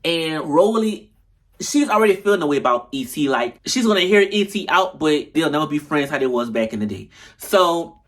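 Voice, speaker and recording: A man doing a casual recap of a reality show, animated and slangy, talking to his viewers. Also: fairly high pitch, moderate pace. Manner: animated, slangy and profane, addresses viewers as y'all. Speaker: show reviewer.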